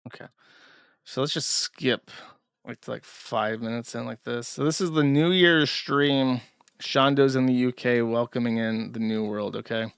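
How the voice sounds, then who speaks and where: A man's voice: mid-range voice, vocal fry, clear, resonant tone, no room sound, clean studio sound. A man giving sarcastic, mocking livestream commentary as host. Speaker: commentary streamer.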